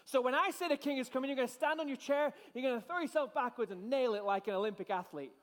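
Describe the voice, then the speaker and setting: A man's voice: very high voice, fast talker. A man preaching as pastor, playful and rousing with a congregation in a large church. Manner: playful, hyped crowd-rousing with shouted cues. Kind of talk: energetic sermon to a congregation. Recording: long hall reverb.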